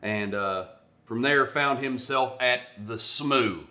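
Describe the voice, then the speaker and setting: A man's voice: medium pitch, slow pace, pushed and bright. A man co-hosting a casual chat, prompting his co-host with short remarks and interjections. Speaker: podcast co-host, Marine veteran.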